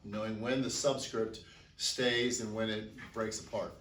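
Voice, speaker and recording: Heard from afar in a reverberant classroom, this male chemistry teacher speaks with a fairly low, level voice at an unhurried pace, slightly bright in tone. He quizzes his high school class and supplies the answers himself, with a little hiss or hum in the audio.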